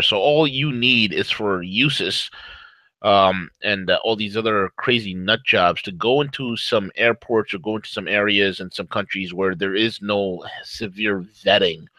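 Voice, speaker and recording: A man's voice: lowish voice, no echo, low-quality recording. A man co-hosting a morning radio talk show, reading sponsor ads and ranting in a fired-up way, laughing between his points. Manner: fired-up, rants loudly, jokes and laughs. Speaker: co-host. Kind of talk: talk radio commentary with ad reads.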